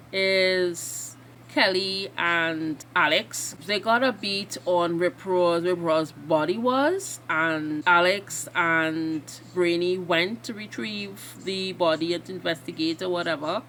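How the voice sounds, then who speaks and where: Woman doing a tv reaction vid, emotional and rambly, slow talker, bright voice. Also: fairly low pitch, slight background noise. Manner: excitable and emotional, rambling recap full of fillers. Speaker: reaction video host. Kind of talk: casual TV episode reaction and recap.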